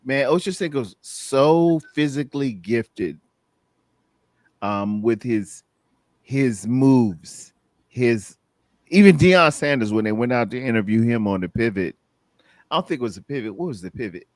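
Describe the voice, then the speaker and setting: A man talks sports in a loose, animated way, his pitch swinging widely as he laughs and acts out little quotes. The sound is dry and close, with no room around it. He speaks from a home streaming setup. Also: a little slow, no echo. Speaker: co-host. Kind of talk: casual sports chat. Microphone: streaming mic.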